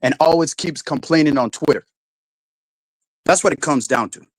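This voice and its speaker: A man hosting a livestream, irritated and swearing through rambling rants that keep restarting. His voice sits a bit high for a man, and it is captured dry and close with no room sound. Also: moderate pace, no echo, poor audio. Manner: swears constantly, rants and restarts, raises voice when angry. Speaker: livestream host. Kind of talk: casual profane livestream chat.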